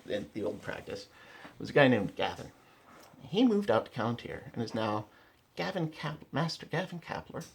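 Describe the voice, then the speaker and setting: A man's voice: on the low side, vocal fry, a little hiss or hum. A man giving a casual instructional talk from home, blunt and emphatic, repeating key words and often restarting his sentences. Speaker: rapier melee instructor. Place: at home, indoors.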